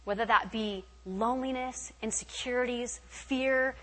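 A young woman from California speaks at a church retreat, telling her own faith story. Her voice is bright and forward, and she talks in an animated, candid way with casual fillers. It sounds like a personal testimony given to a live group. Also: a little high, unhurried, low-quality recording. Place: retreat meeting hall.

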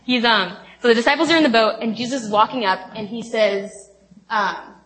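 A woman's voice: fairly high pitch, brisk, fairly bright tone. A young woman giving a casual teaching talk on a Bible passage, chatty and informal, with many fillers and playful retellings. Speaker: speaker at a college ministry talk.

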